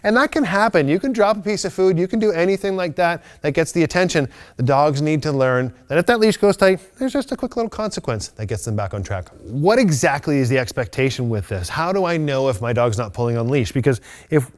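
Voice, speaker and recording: A man teaching loose-leash walking to a dog on camera, explaining each step calmly and methodically, with bright bursts of praise. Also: on the high side, fairly quick. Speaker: dog trainer. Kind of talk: instructional video demonstration.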